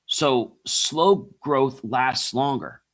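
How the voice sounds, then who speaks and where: A man's voice: medium pitch, drawn-out words. A middle-aged man hosting a motivational talk, repeating his key phrases and asking the listeners rhetorical questions. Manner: addresses listeners as guys. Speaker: podcast host and coach. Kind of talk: motivational monologue.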